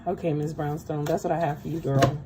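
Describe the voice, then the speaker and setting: A woman's voice: low voice, fairly even intonation, a little fast, very noisy. A woman giving a casual livestream tarot reading, chatty and speaking straight to her viewers. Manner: chatty, talks straight to viewers, calls them girl. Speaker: tarot reader.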